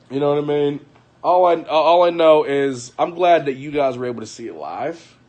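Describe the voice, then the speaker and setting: A man's voice: medium pitch, darkish tone. A man ranting casually on a livestream at home at night, profane and heated, repeating himself and breaking into laughter.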